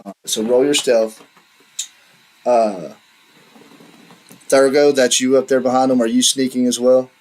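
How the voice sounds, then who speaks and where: A man's voice: mid-range voice, fairly even intonation, unhurried, long pauses, a little mellow, rough recording. A man running a tabletop game as dungeon master, describing scenes at an easy pace with plenty of fillers. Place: home table with friends.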